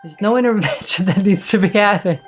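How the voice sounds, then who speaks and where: A woman's voice: mid-range voice, fast talker, breathy edge, soft background music. Giggly woman streamer reading a game aloud. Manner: giggly and flustered, with playful asides. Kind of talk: reading a visual novel aloud with reactions.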